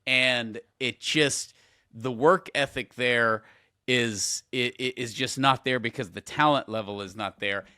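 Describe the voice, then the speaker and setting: A man in his forties co-hosting a podcast, telling stories in a lively, animated way. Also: measured pace, smooth, no echo, clean studio sound. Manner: animated storyteller, jumps in pitch when excited. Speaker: podcast co-host. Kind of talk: casual podcast conversation.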